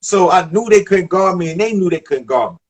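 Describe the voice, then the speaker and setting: Former baller guest, man with a high voice, loose slangy storytelling full of repeats. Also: fairly quick. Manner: animated, slangy, repeats words as he builds up. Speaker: interview guest, former basketball player. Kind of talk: casual interview chat.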